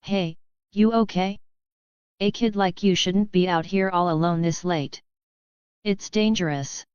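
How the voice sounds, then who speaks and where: A woman's voice: on the low side, measured pace, a little mellow, smooth, dry recording, close to an everyday voice. A woman voicing a brash, theatrical young man who declaims grandly. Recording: dull lo-fi audiobook audio.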